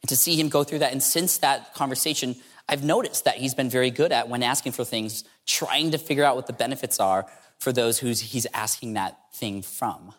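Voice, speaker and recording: A man's voice: mid-range voice, a little fast, fairly bright tone. A man giving a humorous storytelling talk as a speaker at an entrepreneurship event, playfully acting out dialogue as he tells it. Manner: playful, acts out dialogue in the telling.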